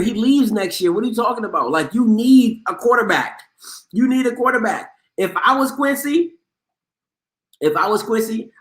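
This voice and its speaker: Animated slangy man hosting sports talk. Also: high voice, reverberant. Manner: animated, emphatic, slangy, repeats himself. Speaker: host of a live sports talk show. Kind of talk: casual sports commentary.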